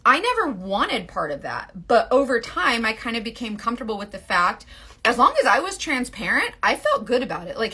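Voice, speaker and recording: Chatty forties woman, bright sharp voice, kinda high, rambles and says like a lot. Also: very animated, brisk, husky. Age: 40s. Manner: rambling, full of "like" and self-interruptions. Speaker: makeup direct sales team leader. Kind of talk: casual chatty monologue.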